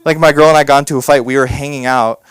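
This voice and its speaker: A man's voice: medium pitch, fairly even intonation, rapid-fire, clean tone, no echo. A man performing a rambling, self-deprecating stand-up set on a comedy club stage, with lots of fillers.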